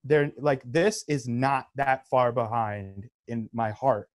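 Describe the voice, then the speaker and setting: Animated, swearing man telling a story. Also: medium pitch, slow pace. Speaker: podcast co-host. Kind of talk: casual chat.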